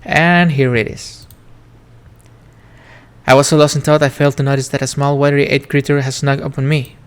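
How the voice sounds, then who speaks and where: A man's voice: medium pitch, monotone, quick pace, clean tone. Man reading game narration wistfully. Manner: reflective, wistful reading of first-person narration. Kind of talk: reading game text aloud. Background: faint game music.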